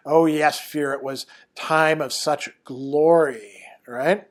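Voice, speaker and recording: Male lecturer, online class; hesitant, filler-heavy, a bit high-pitched. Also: fairly even intonation, takes it slowly, hardly any pauses. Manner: hesitant, many fillers, thinking aloud.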